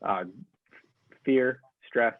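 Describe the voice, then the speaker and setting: A man's voice: medium pitch, drawn-out words, no echo. Easygoing guy hosting, agrees a lot, thin phone-like dry sound. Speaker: host. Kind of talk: interview chat. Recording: tinny dry call audio.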